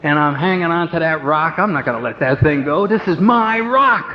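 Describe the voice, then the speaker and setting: A man stands before a recovery meeting and tells his story with humor and animation, his voice sitting fairly high. The old tape is dull and muffled, and a long echo from the hall hangs behind every phrase. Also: expressive, normal speed. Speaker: AA speaker.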